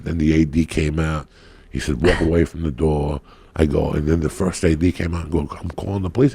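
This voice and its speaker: A man telling a profane, animated story as a podcast guest, acting out the people in it. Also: rumbling low, a little fast, breathy edge, dry recording. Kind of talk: casual storytelling.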